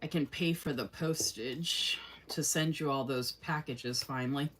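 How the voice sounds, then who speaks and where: A woman's voice: low voice, a little slow, background noise. A woman hosting a casual livestream, chatting with viewers, reading their comments aloud and laughing often. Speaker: livestream host.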